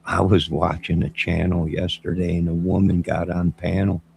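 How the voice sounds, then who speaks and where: Gravelly low-voiced man rambling. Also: level tone, moderate pace, a little mellow, a little hiss or hum. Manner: mocking, wandering, talks to an unseen listener. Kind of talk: rambling monologue to camera.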